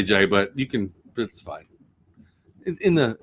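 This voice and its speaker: This middle-aged livestream host rambles and jokes through a casual home broadcast, reading chat comments aloud. He has a lowish, animated voice, a bit bright, moving at a moderate pace with no room sound.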